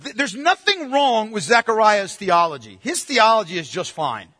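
A man preaches with emphasis and keeps putting rhetorical questions to his congregation. His voice sits very high and rings bright. It carries a long reverb, like a large sanctuary. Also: big pitch swings, moderate pace, breathy edge. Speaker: pastor. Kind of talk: sermon.

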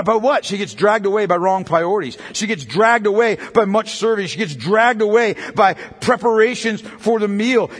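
A man's voice: sits high, a bit bright, breathy edge, in a large hall. A pastor preaching a sermon, driving his points home through repetition and rhetorical questions.

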